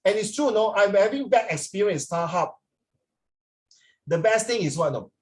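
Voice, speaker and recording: A man's voice: high-pitched, animated, moderate pace, poor audio. A man with a Singaporean accent teaching a class in a chatty, casual way, switching between English and Mandarin and checking that students agree with him.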